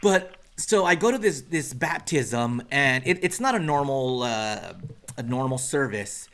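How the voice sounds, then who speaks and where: A man's voice: mid-range voice, measured pace. A man co-hosting a podcast, chatting casually and slipping into playful mock voices as he tells a story. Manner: animated, slips into mock voices when retelling. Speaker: podcast co-host. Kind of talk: casual chat.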